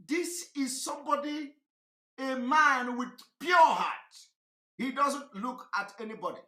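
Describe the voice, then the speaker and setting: Man, impassioned livestream commentary, forceful bright tone, preachy, repetitive, roomy echo. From Nigeria. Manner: preachy, repetitive, rhetorical questions, swings between shouting and low tones. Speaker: online broadcaster.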